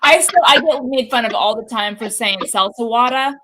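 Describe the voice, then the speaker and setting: A woman's voice: on the high side, moderate pace, husky, poor audio. Hey, a woman with a faint boston accent, blunt and swearing, hosting a chatty show. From Boston area. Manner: blunt, swears freely, animated. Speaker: podcast host and tarot reader. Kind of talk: casual chat.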